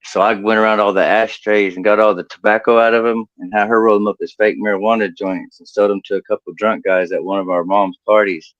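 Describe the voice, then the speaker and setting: A man's voice: on the low side, little pitch movement, a little fast, hardly any pauses, no echo, muffled recording. A man doing a crude stand-up comedy set over a video call, laughing at his own jokes.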